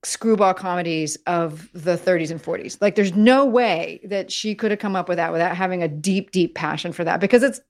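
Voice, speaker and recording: A woman guest in an interview, talking in an animated way, often restarting her sentences and using fillers like "like" and "you know". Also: on the low side, brisk, few pauses. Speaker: guest, messaging consultant. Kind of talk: conversational interview.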